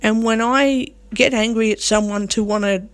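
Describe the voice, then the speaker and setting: A woman's voice: on the high side, fairly even intonation, normal speed, smooth, dry recording. A woman vlogging to camera, talking bluntly and defiantly and hammering the same points again and again. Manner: defiant, emphatic, repeats her points; blunt, with coarse language. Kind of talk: unscripted talk to camera.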